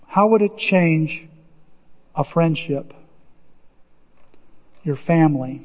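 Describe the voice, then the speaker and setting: A man preaching a sermon as pastor, retelling movie scenes with lively acted-out voices. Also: a little high, slow, pauses often. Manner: animated storytelling, acting out movie scenes in voices. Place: church sanctuary. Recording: muffled recording with long hall reverb.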